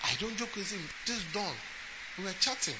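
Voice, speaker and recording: A man preaching a sermon as a bishop, building from talk into emphatic shouts. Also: high voice, normal speed. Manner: emphatic preaching, rising to shouts and acting out quotes. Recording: lo-fi with steady background noise.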